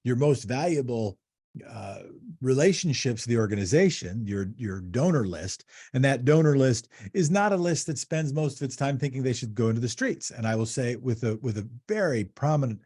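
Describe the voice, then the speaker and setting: A man's voice: medium pitch, lively intonation, moderate pace, darkish tone, slightly rough. A man hosting a podcast interview, asking probing questions in a conversational way and often restarting his phrases. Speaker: podcast host.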